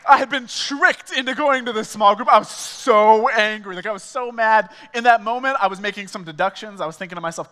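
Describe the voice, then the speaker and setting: A male small groups pastor telling a personal story in a sermon, animated and casual, acting out the dialogue. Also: sits high, fairly quick, few pauses, in a large hall. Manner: animated, acts out quoted dialogue, frequent "like" fillers. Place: church auditorium.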